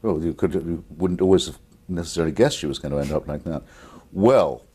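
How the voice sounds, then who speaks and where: A man in his fifties from England takes viewer calls as a guest on a call-in interview, talking fairly quickly in a low, warm, husky voice with an English accent. He is articulate yet combative and keeps restarting his sentences.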